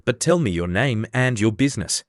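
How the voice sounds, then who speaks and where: A man voicing a pompous, self-important egg man who is quick to take offence, read as an audiobook character. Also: fairly low pitch, expressive, no room sound, studio quality, lightly acted. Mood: haughty.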